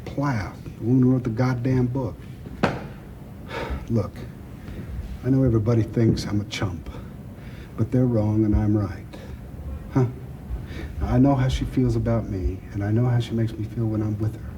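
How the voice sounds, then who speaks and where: An actor playing an older crime boss with a gruff, gravelly, blunt and profane way of talking, in a film scene. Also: male voice, lowish voice, fairly even intonation, moderate pace, long pauses, highs cut off, noisy background, lightly acted. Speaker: crime boss planning a heist. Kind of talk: film dialogue.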